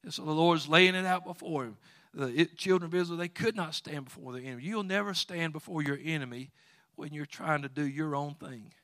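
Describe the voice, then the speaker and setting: A man preaching a sermon, quoting scripture and swinging between loud exhortation and quiet asides. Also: fairly high pitch, a little fast, no room sound, clean studio sound.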